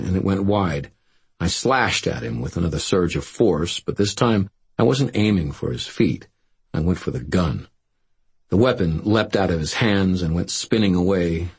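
Deep, very husky male narrator. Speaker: audiobook narrator. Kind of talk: first-person scripted narration.

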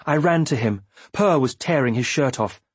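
Husky-voiced male audiobook narrator. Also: medium pitch, lively intonation, no room sound. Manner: measured, first-person storytelling. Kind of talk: scripted narration.

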